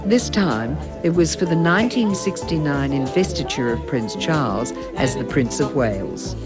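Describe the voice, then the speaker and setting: A narrator reading a scripted biographical segment in a measured, even way. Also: mid-range voice. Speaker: documentary narrator. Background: music.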